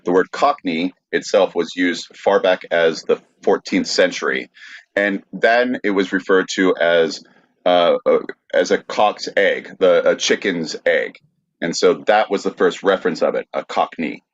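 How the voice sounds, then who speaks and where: Deep-voiced man explaining on a podcast. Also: no echo, muffled recording. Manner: measured, filler-heavy explaining. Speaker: podcast host. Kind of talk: casual chat, explaining from notes.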